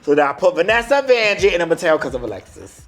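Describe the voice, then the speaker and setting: A man who performs in drag, chatting in a casual interview, sassy and animated, full of slangy asides. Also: on the high side, fast talker, faint music behind.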